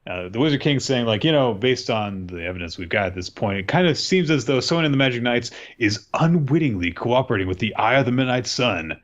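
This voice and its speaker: A man's voice: medium pitch, expressive, brisk, hardly any pauses, muffled recording. A man co-hosting a podcast, recapping manga chapters in rambling casual chat and acting out the characters' lines. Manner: rambling, filler-heavy, acts out quotes.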